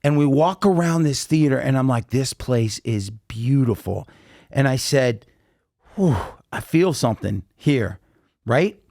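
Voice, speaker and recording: Animated storytelling man, dry sound. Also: medium pitch, measured pace, gravelly, no echo. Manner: animated storyteller acting out quotes. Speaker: podcast guest, singer. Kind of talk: casual chat, storytelling.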